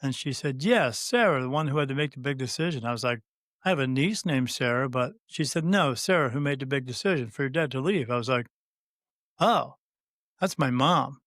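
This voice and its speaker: A man's voice: mid-range voice, expressive, fairly quick, fairly bright tone, no echo, clean studio sound. A man in his fifties, a guest on an interview, telling a personal story with many fillers and restarts and acting out the quoted dialogue. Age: 50s. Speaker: guest, spirit medium.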